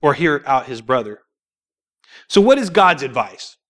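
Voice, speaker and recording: A man's voice: medium pitch, measured pace. A man preaching a sermon in a church, telling personal stories with rhetorical questions and laughing between points. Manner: animated storytelling with rhetorical questions.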